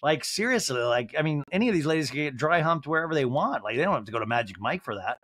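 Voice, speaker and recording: A man's voice: on the high side, sing-song, fast, a bit bright, dry recording, studio quality. A man hosting a podcast, giving a rambling, comedic recap of a reality show with lots of fillers like "like". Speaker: podcast host.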